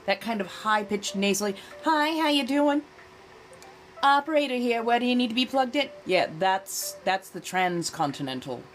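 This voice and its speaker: A woman's voice: fairly low pitch, a little hiss or hum. A woman hosting a casual livestream chat in an affected old-fashioned American accent, languid and theatrical, calling her viewers darling. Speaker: livestream host.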